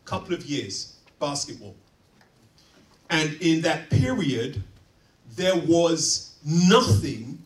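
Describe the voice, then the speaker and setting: A man preaching a sermon, dynamic, swinging from quiet asides to loud emphatic points. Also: fairly high pitch, animated, slow pace, recorded from a distance. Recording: roomy, from off-mic.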